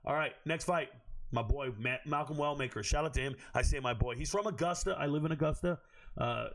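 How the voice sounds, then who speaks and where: A man hoarse from screaming, giving a blunt, profane and animated monologue recapping fights and bets as the show's host. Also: medium pitch. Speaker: MMA betting analyst.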